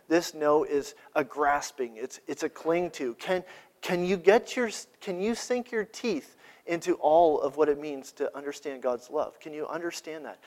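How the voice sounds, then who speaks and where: A man's voice: on the high side, expressive, measured pace, darkish tone. A man preaching a sermon, asking rhetorical questions and building to emphatic peaks. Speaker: pastor.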